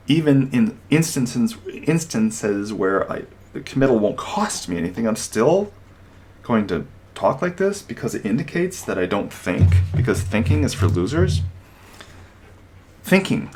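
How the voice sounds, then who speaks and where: A man delivering an opinionated commentary monologue, animated and sarcastic, slipping into mocking impressions. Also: on the low side.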